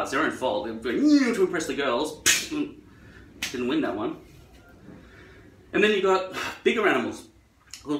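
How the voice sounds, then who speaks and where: A man's voice: medium pitch, fairly bright tone, recorded from a distance. A man vlogging in a rambling, sarcastic, profane monologue while trimming his hair. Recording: roomy echo, away from the mic.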